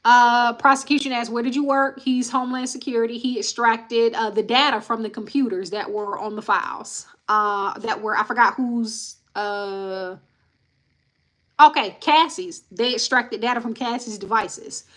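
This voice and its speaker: Bright-voiced woman recapping court testimony live. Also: a little high, steady tone, moderate pace. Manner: reads quotes plainly, breaks off with sighs and blunt asides to viewers. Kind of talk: casual live-stream recap, reading quotes aloud. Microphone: live-stream mic.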